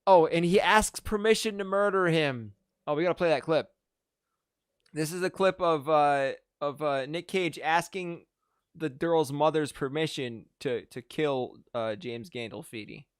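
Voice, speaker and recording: Man, podcast host, rambling movie recap, slightly high voice, dry close sound. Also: measured pace, clean tone, no room sound. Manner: rambling plot recap with fillers. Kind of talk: casual movie podcast chat.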